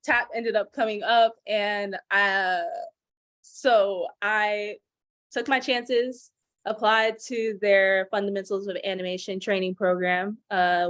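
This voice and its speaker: A young woman, a program graduate, chatting on a video call, rushing ahead when excited. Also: mid-range voice, no echo. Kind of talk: casual video-call conversation.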